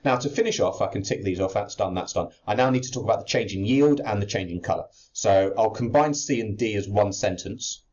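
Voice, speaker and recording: The recording is slightly dull and lo-fi, capturing a man whose voice sits on the low side with a little mellowness. In this exam-prep lesson he writes out a worked chemistry answer, explaining each step with fillers and restarts.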